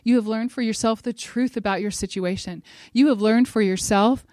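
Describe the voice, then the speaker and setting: A middle-aged woman giving a devotional talk at a church gathering, earnest and emphatic, building to forceful exhortation. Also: a little high, moderate pace, no echo.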